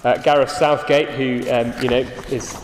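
Male preacher, mid pitch, emphatic sermon delivery, reverberant hall sound. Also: flat delivery, normal speed, slight background noise. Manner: earnest, emphatic, drops to soft low endings.

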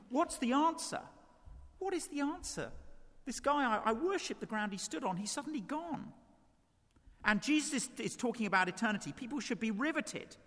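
With lively energy, this preacher tells his sermon's story and performs the characters' voices himself. He speaks high-pitched, recorded in a large hall.

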